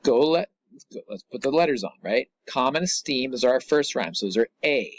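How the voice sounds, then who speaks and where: A man explains a poem to his students in a relaxed, chatty way, full of asides and small jokes. His voice sits in an ordinary middle range and is recorded close and dry, with no room sound at all. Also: medium pitch, normal speed, no echo, highs cut off. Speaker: teacher. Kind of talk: recorded classroom lesson.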